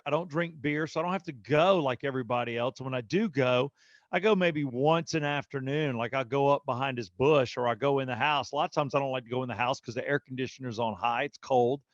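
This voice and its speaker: This male co-host's voice is a little high, recorded lo-fi with no room sound. He tells a casual story on the podcast, animatedly voicing the people in it.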